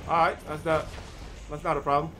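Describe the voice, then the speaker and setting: A man giving casual gameplay commentary, excited and often stumbling and repeating words. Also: fairly high pitch, fairly quick, background noise. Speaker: gamer.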